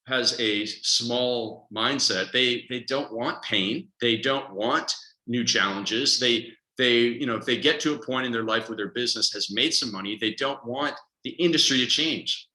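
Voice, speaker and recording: A man's voice: mid-range voice, moderate pace, roomy sound, low-quality recording. A man coaching on a motivational podcast, talking emphatically and acting out the voices in people's heads. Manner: energetic, emphatic, acts out inner voices. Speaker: productivity coach.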